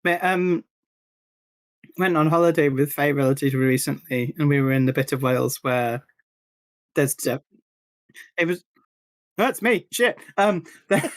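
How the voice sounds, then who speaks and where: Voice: medium pitch, expressive, measured pace, long pauses. A team member on a live stream chats casually, laughing often mid-sentence and restarting their sentences.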